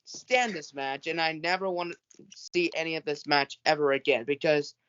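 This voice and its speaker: A man's voice: a little high, moderate pace, a bit bright, clean tone, no echo. A man on a podcast panel, ranting and cursing in casual chat. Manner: ranting, swears a lot, restarts. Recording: dull lo-fi audio.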